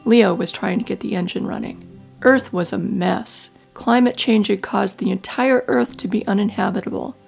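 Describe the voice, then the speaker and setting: Gravelly-voiced woman telling a kids' story. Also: mid-range voice, moderate pace, soft background music. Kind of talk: children's story narration.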